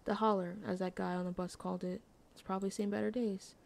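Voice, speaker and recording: A woman's voice: mid-range voice, little pitch movement, quick pace, vocal fry, darkish tone. A woman streamer reading a visual novel aloud, adding playful asides between lines. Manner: reads game text aloud with playful asides. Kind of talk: casual game narration.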